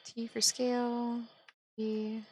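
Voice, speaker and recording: Woman, software tutorial, gravelly, unhurried, calm step-by-step instructions. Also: on the high side, rough recording. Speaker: 3D modeling tutor. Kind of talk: screen-recorded software tutorial narration.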